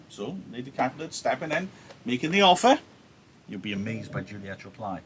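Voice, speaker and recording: A man's voice: medium pitch, big pitch swings, brisk, husky. A man teaching a play on a livestream, explaining in a chatty way with wry asides. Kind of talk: casual livestream lesson on a play.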